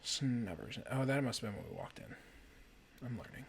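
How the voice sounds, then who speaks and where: A man's voice: mid-range voice, animated, moderate pace, slight background noise. A man chatting casually while playing a video game, swearing and panicking at times. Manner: swears a lot, panicky outbursts. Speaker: let's play host. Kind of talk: casual gameplay chat.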